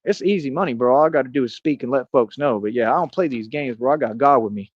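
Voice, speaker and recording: A man's voice: mid-range voice, fast, dry recording. A man in his thirties ranting boastfully and confrontationally in a rambling livestream monologue. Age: 30s. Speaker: streamer. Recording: dull lo-fi dry sound.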